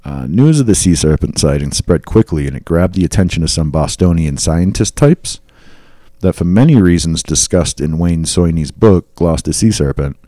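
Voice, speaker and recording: Low, mellow male podcast host. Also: animated, moderate pace, dry recording, clean studio sound. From New England. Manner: reads accounts aloud with asides and fillers. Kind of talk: casual storytelling from notes.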